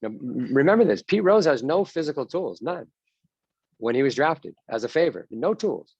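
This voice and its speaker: A man's voice: medium pitch, very animated, normal speed, a little mellow, breathy edge, dry recording, dull audio. A man giving a motivational talk to baseball players as their mental coach, punchy and repetitive, having them chant mantras.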